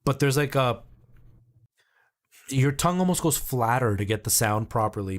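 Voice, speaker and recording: A Canadian man in his thirties talks at a normal speed in a mid-range voice. He's chatting casually on a live stream, explaining things in a rambling way and filling his speech with lots of ums and likes.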